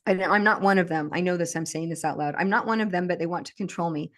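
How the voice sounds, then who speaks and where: A woman's voice: on the low side, quick pace. A woman, a podcast guest, recounting a traumatic memory in vivid, intense present-tense storytelling.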